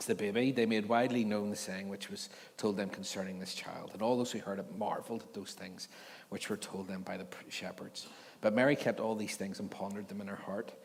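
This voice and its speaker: At an evening church service, a male pastor with a lowish, gravelly voice preaches a sermon, mixing Bible reading with jokey, conversational asides. He uses a handheld or stage mic with feedback, and a long hall reverb trails his words.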